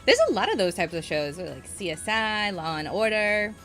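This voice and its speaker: A young woman co-hosts a casual podcast, bubbly and quick to giggle. Her pitch swings widely as she talks, and she often trails off mid-thought. Faint music plays behind her. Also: expressive, a bit bright. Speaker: podcast co-host. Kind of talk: casual chat.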